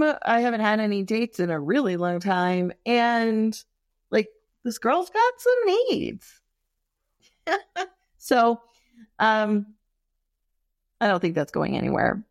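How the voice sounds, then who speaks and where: A woman candidly telling personal stories in a frank, expressive way, full of fillers and asides. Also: mid-range voice, creaky, no echo, clean studio sound.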